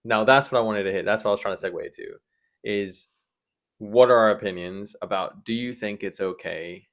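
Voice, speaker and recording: A man with a lowish voice co-hosts a relaxed podcast. He swears freely and tells stories with lively energy. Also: normal speed. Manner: swears freely, animated storytelling. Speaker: podcast co-host. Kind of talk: casual chat.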